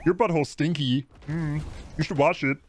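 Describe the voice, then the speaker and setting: A man impersonating a pompous lecturer who rambles nonsense in a rapid lecturing manner. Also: on the high side, steady tone, darkish tone, lightly acted.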